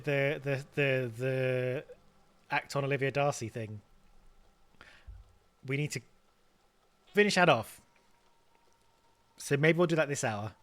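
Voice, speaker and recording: Brief: let's-play host, mid-pitch, mulling things over out loud. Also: male voice. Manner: thinking aloud, stammers through repeats. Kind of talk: casual game commentary.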